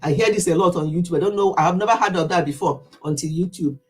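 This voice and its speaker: A woman's voice: fairly low pitch, quick pace, a little mellow, breathy edge. A Nigerian woman in her fifties, chatting animatedly to camera in a casual vlog monologue and laughing easily. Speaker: vlogger.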